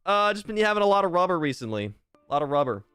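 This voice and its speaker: A young man streaming and casually chatting while reading fan messages, swearing often and jumping into loud outbursts. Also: high-pitched, fast talker, smooth, dry recording, clean studio sound, soft background music. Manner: excitable, swears a lot, swings to loud outbursts.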